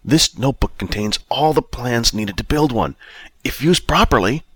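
A man's voice: medium pitch, lively intonation, moderate pace, a bit bright, husky, dry recording, pitched above the performer's own voice. A man reading an audiobook, voicing an impatient older man who sighs a lot and turns out to be the narrator's future self. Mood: earnest. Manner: sighing, impatient.

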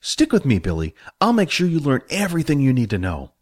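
A man doing Jack, a lively streetwise guide. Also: a little fast, dry recording, clean studio sound. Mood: reassuring. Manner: reassuring, lively, higher-pitched. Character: cheerful streetwise young male guide Jack.

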